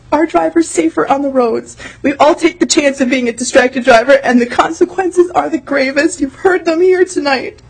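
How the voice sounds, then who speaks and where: Woman, high voice, tearful, voice breaking, pleading, earnest testimony, hearing room. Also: rough recording. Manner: earnest, pleading, repeats key points. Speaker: testifier at a legislative committee hearing. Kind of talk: emotional public testimony.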